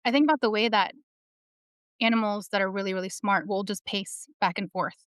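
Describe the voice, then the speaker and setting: A woman's voice: medium pitch, brisk, clear, resonant tone, no room sound, studio quality. A woman in her thirties talking candidly and animatedly in a casual discussion, telling stories and swearing freely. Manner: candid, profane, animated storytelling. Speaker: panel speaker.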